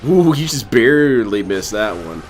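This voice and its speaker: A man's voice: on the low side, sing-song, normal speed. A man hosting a live restream, making sarcastic, mocking jokes and going off on absurd tangents. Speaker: host reacting to a restreamed gameplay video. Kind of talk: casual live commentary.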